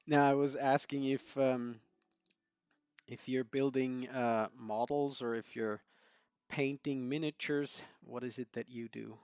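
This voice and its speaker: A man's voice: medium pitch, fairly even intonation, unhurried, a little mellow, clean tone, no echo, dull audio. A man hosting a live stream, chatting casually and greeting viewers by name with frequent chuckles.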